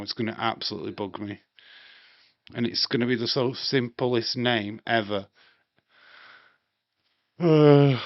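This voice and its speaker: A man's voice: mid-range voice, no echo. A man chatting casually and rambling on a live wrestling watch-along stream, swearing now and then. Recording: dry, slightly dull home mic.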